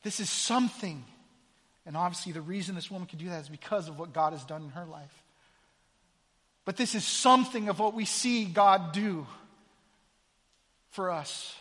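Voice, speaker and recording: High-voiced preaching man in a reverberant hall. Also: moderate pace, long pauses. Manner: impassioned preaching, swinging between quiet intensity and loud exclamation. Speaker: pastor. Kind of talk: sermon.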